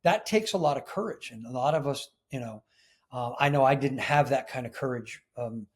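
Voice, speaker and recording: Guy guesting on a podcast, mid-pitched voice, earnest and really emphatic. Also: moderate pace, husky. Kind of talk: casual interview chat.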